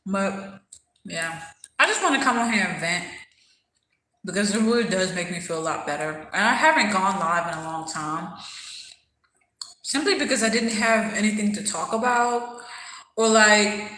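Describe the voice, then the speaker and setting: A woman's voice: mid-range voice, normal speed, pauses often, sharp tone, reverberant, slight background noise, poor audio. A woman hosting a casual livestream, talking candidly and thoughtfully while she eats and answers viewers' comments. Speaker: livestream host.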